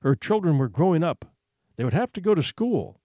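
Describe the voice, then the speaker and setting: A man narrating a story in an expressive, measured reading voice. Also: on the high side, no room sound. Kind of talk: audiobook narration.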